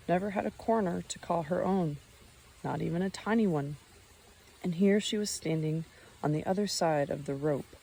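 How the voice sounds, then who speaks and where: Woman reading an audiobook, low mellow voice, steady pace, reads footnotes too. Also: gravelly, husky. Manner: steady reading with occasional slips and footnotes read aloud. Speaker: audiobook narrator. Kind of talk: audiobook narration.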